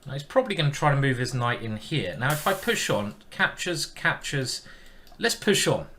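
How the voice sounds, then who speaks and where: A man talking through his chess moves on a live stream, musing out loud and teasing himself as he goes. His voice is bright and ringing. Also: medium pitch, sing-song, normal speed, slight background noise. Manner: chatty, thinking aloud, self-mocking.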